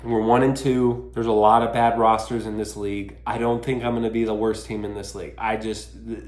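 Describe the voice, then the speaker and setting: A man's voice: fairly low pitch, flat delivery, fairly quick. Exasperated man ranting in an echoey room. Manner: exasperated, swearing, self-mocking. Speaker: podcast host. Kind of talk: casual solo podcast rant.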